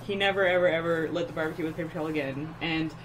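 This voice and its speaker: A woman co-hosting a casual chat show, telling stories and getting loud as she acts out her anger. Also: low voice, very fast, a little hiss or hum, poor audio. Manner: animated storyteller, gets loud acting out her anger. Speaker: podcast co-host.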